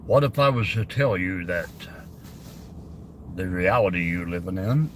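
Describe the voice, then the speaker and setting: A deep, solemn male mentor from a film, as a man puts him on in a hushed, low register. The portentous lines are drawn out slowly and quietly, far below his usual voice. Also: lively intonation, slight background noise. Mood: ominous.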